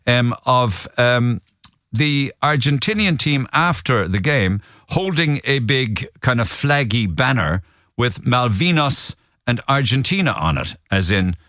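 A man's voice: medium pitch, fairly bright tone, no room sound, clean studio sound. A man with a Cork accent, hosting a radio show and chatting through the morning's newspaper stories with jokey asides. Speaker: radio host. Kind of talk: casual radio chat.

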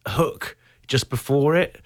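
A man's voice: medium pitch, takes it slowly, dry recording. Guy actor chatting about his show, enthusiastic, chatty, middle voice, dry close mic. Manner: enthusiastic, chatty, lots of fillers. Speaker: stage actor guest. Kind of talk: casual chat.

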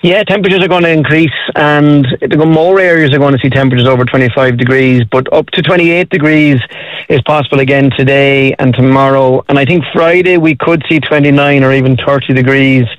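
A man with an Irish accent, a weather forecaster giving a relaxed, informative update on a radio call. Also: medium pitch, a little fast, no room sound, dull audio. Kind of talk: radio phone-in interview.

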